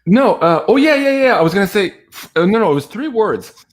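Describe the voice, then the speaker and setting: A man's voice: high-pitched, big pitch swings, brisk. French Canadian man hosting a livestream. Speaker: livestream host. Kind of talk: casual chat on a livestream.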